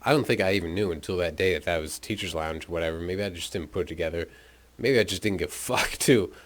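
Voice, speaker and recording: A man's voice: deep voice, quick pace. A young man casually telling a rambling, profane story about his school days, often laughing as he talks. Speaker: podcast host telling his life story.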